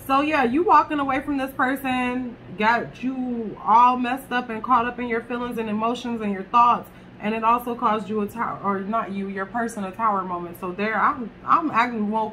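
A woman's voice: fairly high pitch, fairly even intonation, normal speed, hardly any pauses, fairly bright tone, slight background noise. A woman reading tarot cards to camera in a chatty way, talking straight to her viewers and swearing casually. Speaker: tarot reader.

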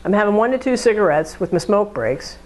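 An addiction educator gives a classroom lecture in a conversational style, using everyday examples and acting out the inner thoughts behind them. Her mid-range voice is expressive and a little mellow, and she speaks fairly quickly.

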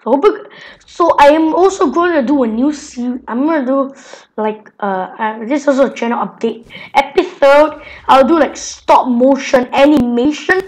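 A woman's voice: high-pitched, moderate pace, few pauses, poor audio. A woman hosting a casual gameplay video, chatting playfully with a friend and chanting silly sounds as she plays. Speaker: gaming channel host.

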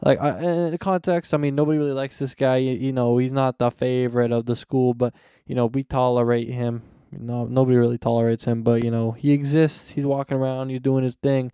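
A man's voice: mid-range voice, steady tone, fairly quick, dark tone, smooth, no room sound, clean studio sound. A teenage man hosting a casual solo podcast, rambling and mocking in slangy talk with frequent cursing. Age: teens. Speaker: podcast host. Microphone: close podcast microphone.

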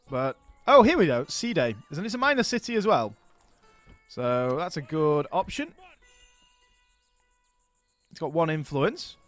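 A man hosting a strategy game let's play, chatting casually and thinking aloud, getting excited over his battles. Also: fairly high pitch, no echo. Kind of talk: casual gameplay commentary.

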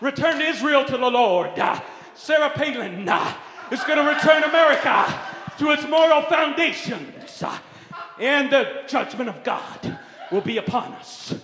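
A man voicing a fiery male televangelist who shouts his sermon and tacks an "ah" onto every phrase. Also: extremely high pitch, lively intonation, unhurried, noisy background, pitched above the performer's own voice. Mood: fervent. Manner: bellowing, punctuates phrases with "ah". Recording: reverberant hall.

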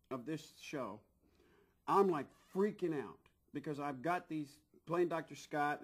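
A middle-aged man telling a long anecdote in an interview, animated, acting out what people said, with frequent restarts. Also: on the high side. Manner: animated, acts out quoted voices, frequent restarts. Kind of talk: anecdotal storytelling.

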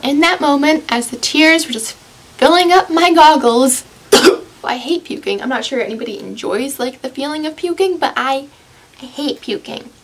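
A woman's voice: high voice, expressive, normal speed. A young woman vlogging, telling a story to camera in a sarcastic, self-deprecating and chatty way, full of "like". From United States.

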